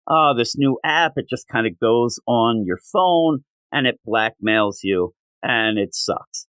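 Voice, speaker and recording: Exasperated ranting man, lively swings in pitch. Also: takes it slowly, clear, resonant tone, no echo. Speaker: comic book reviewer. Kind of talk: casual spoken review.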